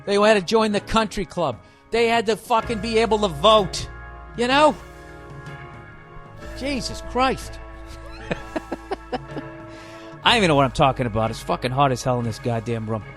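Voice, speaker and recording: Guy comedian ranting, curses every other word, sarcastic, kinda high voice, hot little room. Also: animated, fast, fairly bright tone, faint music behind. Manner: heavily profane, sarcastic ranting. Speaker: comedian podcaster. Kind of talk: comedic rant.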